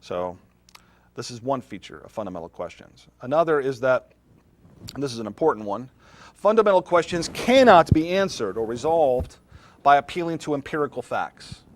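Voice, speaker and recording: A man's voice: mid-range voice, animated, moderate pace. A middle-aged man, a philosophy professor, lecturing a class in a classroom in a conversational way, often putting questions to his students.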